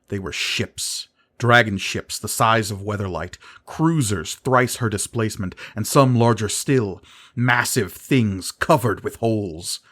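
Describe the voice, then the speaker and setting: A man narrating a fantasy audiobook in a measured, dramatic reading style. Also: lowish voice, a bit bright.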